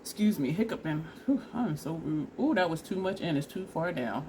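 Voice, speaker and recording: A woman's voice: fairly low pitch, animated, normal speed, hardly any pauses, a little mellow, a little hiss or hum. A woman vlogger casually talking through a makeup try-on step by step, chatty and laughing at herself, teary and sniffly from allergies. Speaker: beauty vlogger.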